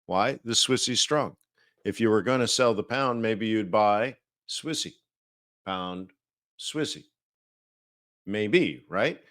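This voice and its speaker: A man's voice: lowish voice, slow pace, long pauses, fairly bright tone, no echo, clean studio sound. A man hosting a live market-analysis stream, talking casually and rambling with many fillers and restarts.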